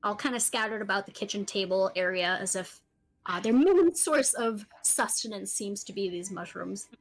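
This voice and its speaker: A woman's voice: medium pitch, animated, moderate pace, poor audio. A woman narrating a tabletop game as dungeon master, often laughing as she describes the scene.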